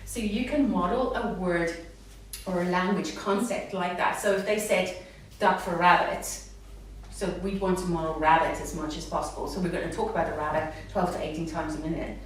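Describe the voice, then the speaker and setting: Woman speech therapist, animated sing-song modelling, roomy distant sound with faint hiss. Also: fairly low pitch, normal speed. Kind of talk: live talk to parents. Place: hall with a live audience. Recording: echoey room, mic far off, faint noise.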